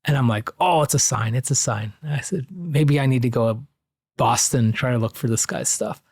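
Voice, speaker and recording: A man's voice: mid-range voice, moderate pace, darkish tone, breathy edge, dry recording, clean studio sound. A middle-aged American man who collects antique electrical machines, telling a long personal story in a rambling way, full of "like" fillers. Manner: rambling anecdotal, frequent "like" fillers. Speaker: museum curator. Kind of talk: casual storytelling.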